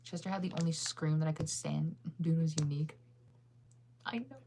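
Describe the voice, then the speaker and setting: A chatty young woman talks casually to her stream, reading comments aloud and laughing often. Her voice sits a little low for a woman. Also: fairly even intonation, brisk, gravelly, mellow, slight background noise. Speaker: livestreamer.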